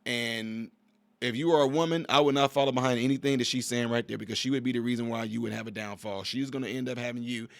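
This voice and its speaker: A man's voice: medium pitch, fairly even intonation, quick pace, creaky, dry recording. A man in his forties giving opinionated reaction commentary on a video clip, emphatic and preachy, repeating himself.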